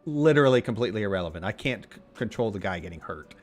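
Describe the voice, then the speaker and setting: A man's voice: on the low side, expressive, fast, faint music behind. A man co-hosting a podcast in casual chat, blunt, swearing casually and laughing often. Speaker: podcast co-host.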